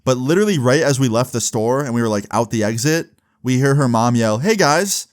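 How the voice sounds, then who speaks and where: A man's voice: mid-range voice, fairly quick, a little mellow. A young man casually telling a personal story, swearing freely and filling with "like" and "you know". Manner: casual, profane, lots of fillers.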